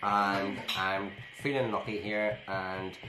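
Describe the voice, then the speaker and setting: A man's voice: on the low side, flat delivery, slow pace, noisy background. A man playing a mobile game with his family, chatting casually and talking himself through each choice with a mock-boastful streak. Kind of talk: casual gameplay chat. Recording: echoey room with background music.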